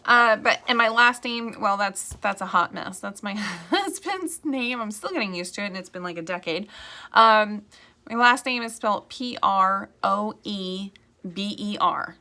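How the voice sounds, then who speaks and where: Woman, real estate agent, casual vlog chat, bright voice, rambling asides. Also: medium pitch, unhurried. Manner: chatty and rambling, with frequent asides. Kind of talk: casual talking-to-camera vlog.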